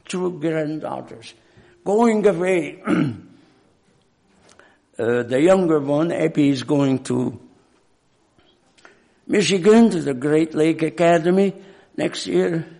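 With a fairly high pitch and a dark tone, an older man preaches in English, which isn't his native language, weaving in a personal story. He speaks haltingly and keeps clearing his throat.

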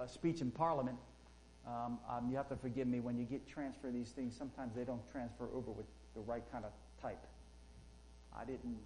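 A man preaching a sermon, fervent and rising loud when he quotes, with frequent fillers. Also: medium pitch, slight background noise, poor audio.

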